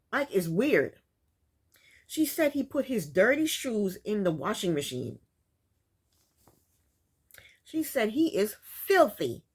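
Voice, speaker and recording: A woman casually recapping a reality show, chatty and sassy, often breaking into laughs. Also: medium pitch.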